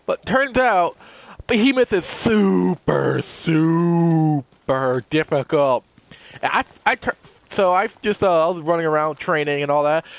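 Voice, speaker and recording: A young man giving excitable, jokey commentary while playing a video game. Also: sits high, gravelly, no room sound. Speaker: gaming YouTuber. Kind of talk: casual gameplay commentary.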